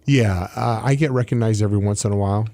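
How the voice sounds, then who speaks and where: A man who was once a pro wrestler, a guest on a radio show, talking in a halting way with many fillers and restarts. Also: lowish voice, creaky, mellow, dry recording. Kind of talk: casual interview talk.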